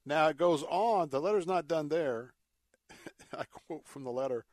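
A man's voice: fairly high pitch, measured pace, a little mellow, no room sound. Man, talk show host, indignant commentary, emphatic repeats, folksy sarcasm, dry sound. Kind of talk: opinionated commentary.

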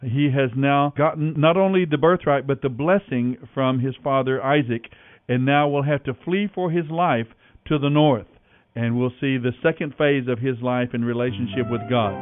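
A man hosting a Bible reading, measured and earnest, reading scripture with commentary. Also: mid-range voice. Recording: tinny phone-like line, faint music.

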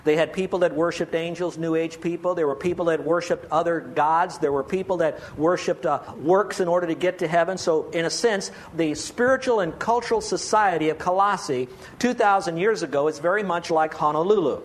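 A man preaching a sermon with a voice pitched high for a man. He pleads earnestly with his congregation. He keeps asking rhetorical questions. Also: fairly quick, hardly any pauses. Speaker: pastor.

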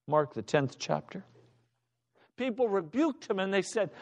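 High-voiced pastor guy preaching, fired up, acts out the voices in his story. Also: very animated, measured pace. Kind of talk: sermon.

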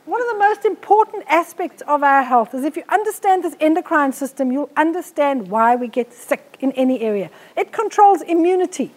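A woman's voice: high-pitched, animated, fairly quick, hardly any pauses, darkish tone. A middle-aged woman, giving a blunt, forthright live health talk to an audience on a handheld mic. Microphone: handheld microphone.

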